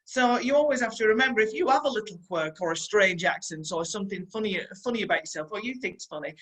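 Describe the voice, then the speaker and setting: A woman's voice: medium pitch, expressive, quick pace, fairly bright tone, low-quality recording. Chatty Yorkshire woman telling stories. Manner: chatty and earnest, repeats key advice, speaks straight to the audience. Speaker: stunt performer and guest speaker. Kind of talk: storytelling motivational talk.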